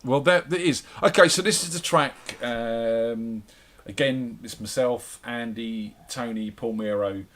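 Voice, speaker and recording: A man's voice: medium pitch, measured pace, a bit bright. A middle-aged man, chatting casually as a musician guest on a radio show, rambling and repeating his words. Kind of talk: casual radio interview chat.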